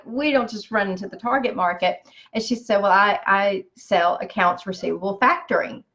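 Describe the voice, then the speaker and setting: A woman in business telling a personal story, with lots of animated quoted dialogue. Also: a little high, highs cut off. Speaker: business speaker.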